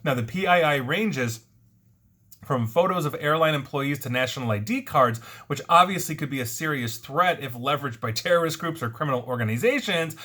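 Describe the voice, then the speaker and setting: A man hosting a casual weekly roundup of security breaches, talking briskly with frequent conversational asides. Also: on the high side, lively intonation, bright, forceful tone. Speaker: cybersecurity news host.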